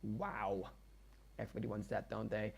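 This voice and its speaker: A man's voice: lowish voice, fairly even intonation, creaky, slightly rough. Rambling young man, Dutch accent. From Netherlands. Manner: rambling, self-deprecating, halting restarts. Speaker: game builder. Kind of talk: casual storytelling voiceover.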